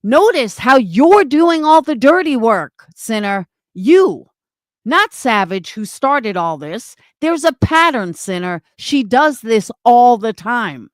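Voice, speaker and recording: A woman on a livestream, venting in an angry, confrontational tirade full of profanity. Her voice sits a little high and leaps all over the place as she pushes back. The sound is dry, with no room around it. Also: very animated, slow, dry recording. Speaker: streamer. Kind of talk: livestream rant.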